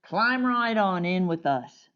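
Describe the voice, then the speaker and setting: A woman reading a brisk, bossy old countrywoman. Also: lowish voice, lively intonation, highs cut off. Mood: brisk, folksy. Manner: brisk, folksy scolding.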